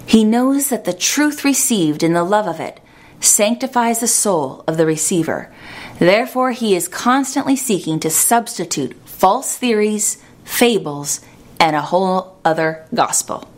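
Woman giving an earnest, measured sermon. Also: mid-range voice, lively intonation. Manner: earnest, measured preaching with slowed emphasis. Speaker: preacher.

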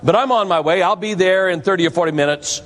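A man's voice: sits high, fast, fairly bright tone. A man voicing a worried middle-aged father who coaxes and calls out to his son. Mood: coaxing. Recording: long hall reverb.

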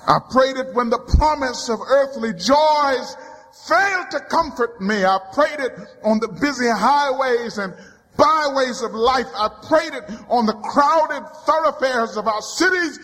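A man preaching a sermon from the pulpit, building rhythmic repeated refrains that swell into shouts. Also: very high-pitched, unhurried. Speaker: pastor. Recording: long hall reverb.

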